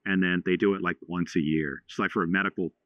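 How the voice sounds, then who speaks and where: A man in his forties from Texas, a podcast guest telling a story in a halting way, with many restarts and fillers. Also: low-pitched, fairly even intonation, a bit bright, dry recording. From Houston, Texas. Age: 40s. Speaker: podcast guest, franchise owner. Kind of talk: casual storytelling. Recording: slightly dull lo-fi sound.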